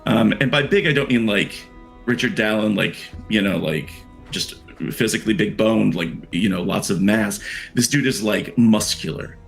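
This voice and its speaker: Low-voiced rambling game master man. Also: normal speed, gravelly, soft background music. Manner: casual, rambling, many fillers. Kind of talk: narrating a tabletop game.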